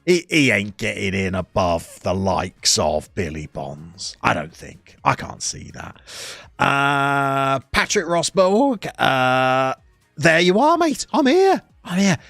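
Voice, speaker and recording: A man of about forty-two with a West Midlands accent, reading out chat comments on a live stream and teasing viewers. His pitch swings up and down as he talks, and the sound is close and dry, with faint music underneath. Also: big pitch swings, takes it slowly, vocal fry, bright, forceful tone, dry recording. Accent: West Midlands English. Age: 40s. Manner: jokey, teasing banter with viewers.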